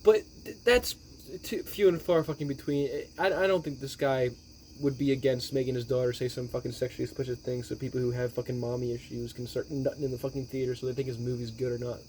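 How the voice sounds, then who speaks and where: A man's voice: mid-range voice, steady tone, fast, a little mellow, a little hiss or hum. A man giving a rambling, exasperated movie recap, swearing heavily as he talks. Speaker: movie reviewer. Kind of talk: profane movie recap rant.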